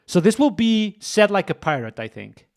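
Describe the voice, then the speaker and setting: A man streams himself coding and keeps up a running commentary to his viewers. His voice sits a little high and swoops all over the place. He is excitable and often breaks into exclamations. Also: moderate pace, vocal fry. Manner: excitable, exclaiming, talks to chat. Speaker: streamer, host.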